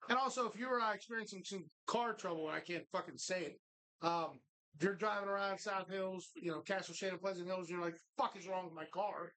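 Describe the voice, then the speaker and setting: A man's voice: sits high, fairly quick, bright, forceful tone, low-quality recording. A man hosting a live show from a bar, joking loosely and swearing through sponsor plugs. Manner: profane, jokey, reads sponsor plugs with mock voices. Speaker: host. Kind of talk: casual bar-show banter.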